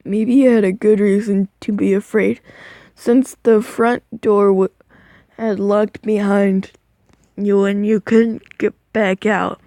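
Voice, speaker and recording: A woman's voice: mid-range voice, flat delivery, takes it slowly, mellow, no echo. A sleepy, yawning woman reading a second-person fan story aloud into a phone, stumbling over words and stopping to comment on the text. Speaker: reader of fan fiction. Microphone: phone microphone.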